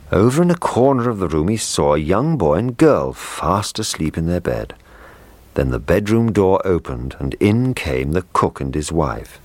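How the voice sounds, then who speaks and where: A man reading a children's story aloud in a gentle, measured storytelling manner. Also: extremely low pitch, no room sound.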